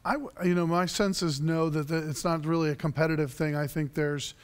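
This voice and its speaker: A man on a panel answering audience questions, halting and leaning on filler phrases. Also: fairly high pitch, fairly even intonation, smooth. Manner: halting, many 'you know' fillers. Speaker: panelist, hemp advocate. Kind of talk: panel discussion.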